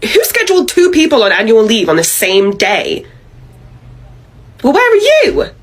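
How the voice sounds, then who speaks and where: A woman's voice: medium pitch, sing-song, normal speed, poor audio. A woman voicing a bossy, pushy female manager who dodges blame and leans on her staff. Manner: pushy, wheedling, dodging blame.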